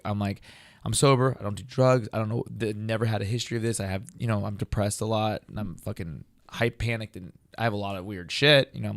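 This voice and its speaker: A man in his thirties, a comedian, telling a story in casual talk, profane and animated, acting out what others said. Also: lowish voice, creaky, dry recording, studio quality. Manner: animated, profane, acts out quoted dialogue. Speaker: comedian guest.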